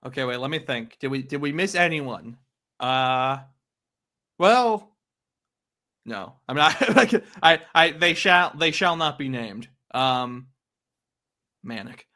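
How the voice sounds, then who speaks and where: A man's voice: medium pitch, expressive, takes it slowly, pauses often, bright, forceful tone. A man hosting a casual comic-book chat, laughing often as he retells scenes. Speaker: podcast host.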